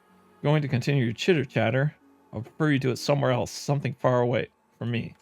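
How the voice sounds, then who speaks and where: A man's voice: mid-range voice, fairly even intonation, fast, creaky, a little mellow, faint music behind, natural voice. A man voicing a bitter, grumpy ghostly echo who guards a ruined garden, talking in curt, scornful and dismissive lines.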